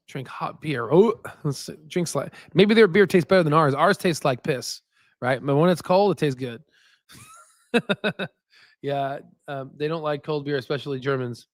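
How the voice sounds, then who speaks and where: A man's voice: on the high side, normal speed, no room sound, clean studio sound. A man hosting a stock market livestream in a casual, rambling way, chatting about viewer comments and often tagging "right?" onto his points. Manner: repeats "right?" as a filler. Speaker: stock market channel host.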